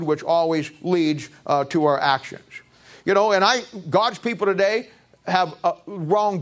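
Male pastor, high voice, preaching with rhetorical questions and wide pitch swings. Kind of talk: sermon. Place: church.

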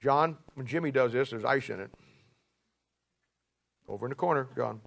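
A pastor preaching a sermon in a folksy, emphatic storytelling manner, full of rhetorical questions. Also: male voice, mid-range voice, moderate pace, vocal fry, fairly bright tone.

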